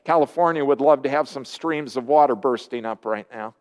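A man preaching a sermon, lively and earnest, often acting out the voices of people he quotes. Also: mid-range voice, brisk. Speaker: pastor.

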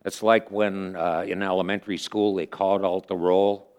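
Deep-voiced man preaching conversationally. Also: level tone, a little mellow, smooth. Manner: storytelling, earnest, thinks aloud with pauses. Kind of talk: conversational sermon.

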